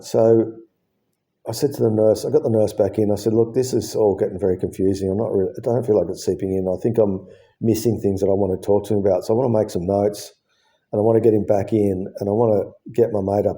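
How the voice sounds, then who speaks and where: Casting: man, 50s, deep and mellow, plain-spoken, swears a lot, replays conversations. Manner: blunt, swears freely, acts out both sides of conversations. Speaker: patient telling his story. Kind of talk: casual storytelling.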